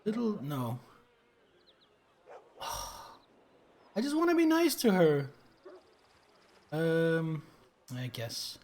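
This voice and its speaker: A man's voice: on the high side, huge pitch swings, very slow, pauses often, a little mellow. A man streaming a game and chatting candidly in casual commentary, now and then swearing.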